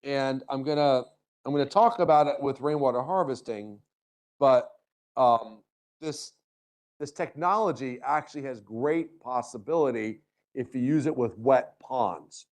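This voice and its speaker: A man's voice: medium pitch, measured pace, darkish tone. A male university lecturer giving a classroom lecture, tossing out rhetorical questions and light joking asides to his students. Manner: checks in with frequent rhetorical questions.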